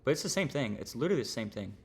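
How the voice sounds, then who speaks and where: A man's voice: mid-range voice, big pitch swings, racing. A young man teaching trading on a livestream, casual and rambling, full of slang and fillers. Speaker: trading streamer.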